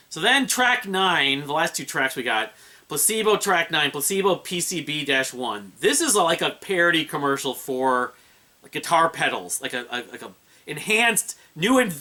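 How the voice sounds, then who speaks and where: A man talks his way through an album review in a loose, rambling manner. He uses lots of fillers and restarts. His voice sits a bit high and sounds very bright. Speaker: music reviewer.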